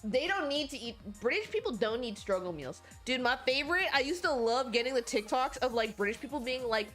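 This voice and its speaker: A woman's voice: sits high, lively intonation, brisk, a bit bright, soft background music. A young woman streaming live, chatting casually and animatedly with her chat, swearing freely and restarting her sentences. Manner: talks to chat, frequent fillers and restarts.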